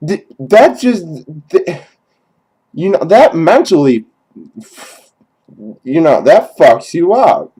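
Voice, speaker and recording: A young man performing a dry, halting comedy monologue in character, crude and profane, recorded on a cheap webcam. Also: fairly high pitch, sing-song, mellow, husky, rough recording. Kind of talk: deadpan rambling character monologue.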